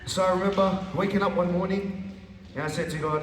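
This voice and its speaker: This is an emotional testimony told earnestly by a man with a high-pitched, steady voice, speaking fairly quickly. He frequently restarts and says phrases again for emphasis. The recording comes from a distant mic in an echoey hall, with slight background noise.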